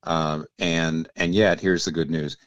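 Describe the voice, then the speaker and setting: A man's voice: rumbling low, flat delivery, unhurried, no echo, muffled recording. An older man, a guest on a radio show, explaining theological ideas in a thoughtful, searching way with many restarts. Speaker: guest pastor and author.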